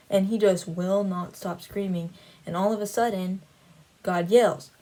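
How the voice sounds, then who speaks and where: A woman's voice: mid-range voice, steady tone, unhurried, darkish tone, low-quality recording. A woman casually recounting a dream in a rambling way, with many "like" fillers, then drawing a faith lesson from it. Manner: rambling, heavy use of "like" fillers. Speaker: Christian vlogger.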